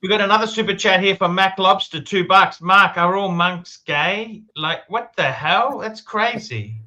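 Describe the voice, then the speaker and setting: A man's voice: high voice, a little slow, bright, forceful tone, lo-fi sound. A man hosting a casual livestream, chatty and enthusiastic, swearing freely as he talks. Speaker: livestream host.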